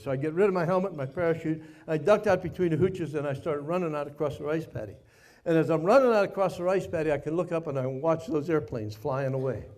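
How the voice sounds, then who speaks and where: A man's voice: fairly high pitch, a little mellow. A man in his seventies from the United States, a former POW telling a dramatic personal story in a vivid, folksy way.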